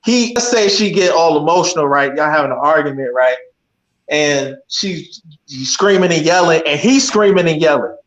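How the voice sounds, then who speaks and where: A man's voice: fairly high pitch, expressive, normal speed, fairly bright tone. A man in a casual group discussion, talking earnestly like a preacher and thinking aloud with plenty of fillers. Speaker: discussion participant. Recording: roomy echo.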